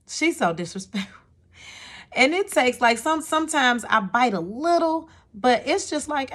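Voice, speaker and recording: A woman's voice: sits high, animated, a little slow, a bit bright. A woman telling a personal story to her viewers in a casual, exasperated way. She often repeats words and checks in with "okay?".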